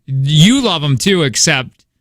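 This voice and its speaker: A man's voice: a little high, expressive, slow pace, a bit bright, no echo. A man hosting a morning radio show, joking and laughing often through rambling casual banter in a studio. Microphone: studio microphone.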